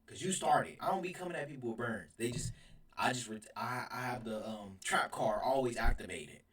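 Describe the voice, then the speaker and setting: A man's voice: mid-range voice, moderate pace. Young man, casual storytime, rambling, laughing, distant mic, roomy echo. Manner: rambling, animated, laughs mid-sentence. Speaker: storyteller vlogger.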